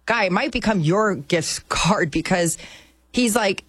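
Give me a talkative woman telling anecdotes, dry and close, mid-pitched voice. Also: measured pace, breathy edge, no room sound. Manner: chatty storyteller, acts out quotes in higher voice. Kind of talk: casual chat.

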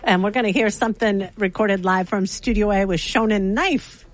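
A woman's voice: mid-range voice, moderate pace. A woman hosting a radio show from the studio, chatting casually and laughing often. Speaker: radio host. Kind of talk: casual on-air chat.

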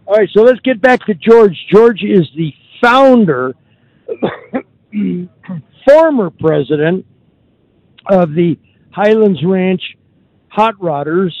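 A man's voice: high-pitched, expressive, takes it slowly, pauses often, dry recording, dull audio. A man hosting a radio talk show, chatting in a folksy, rambling way with frequent fillers. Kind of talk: casual radio chat. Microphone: studio microphone.

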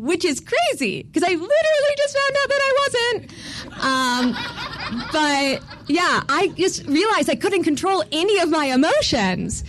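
A woman's voice: high-pitched, sing-song, measured pace, background noise. A woman in her twenties telling a personal story to an audience in a candid, self-mocking way, laughing as she goes.

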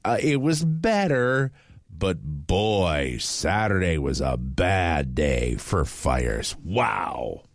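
Low-voiced rambling radio host. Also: male voice, big pitch swings, extremely slow, creaky, no room sound, studio quality. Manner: rambling, lots of fillers and restarts. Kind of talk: casual morning radio chat. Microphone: studio microphone.

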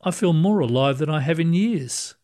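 A man putting on a gentle, bewildered ghost of a retired woman. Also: fairly high pitch, lively intonation, moderate pace, natural voice. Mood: wondering. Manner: soft, wondering questions.

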